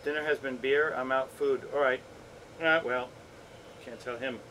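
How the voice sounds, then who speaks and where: A man's voice: medium pitch, steady tone, normal speed, sharp tone, a little hiss or hum, low-quality recording. A man streaming a game, chatting casually with viewers in a laid-back, playful way and swearing often. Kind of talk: casual chat with chat while gaming.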